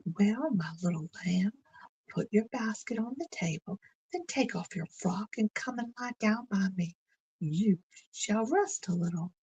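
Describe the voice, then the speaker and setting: A scheming storybook wolf, coaxing and falsely friendly, as a woman reads him. The voice is breathy and husky. It moves slowly, with a lively, swooping pitch. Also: muffled recording, full character voice. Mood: sly. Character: sly, scheming wolf posing as kindly.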